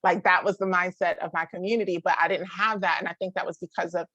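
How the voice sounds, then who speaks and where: A woman in her thirties chats casually with a live group about parenting, peppering her speech with "like," restarting sentences, laughing often and mimicking other people's voices. Her voice is lowish and fairly bright with fairly even intonation. The audio is lo-fi with no echo.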